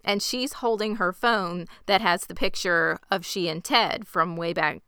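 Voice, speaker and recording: A woman chatting about a show, retelling scenes and quoting the characters with energy. Her voice is bright and smooth, a little low in pitch, and recorded close and dry. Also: unhurried, dry recording. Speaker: podcast co-host. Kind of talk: casual chat.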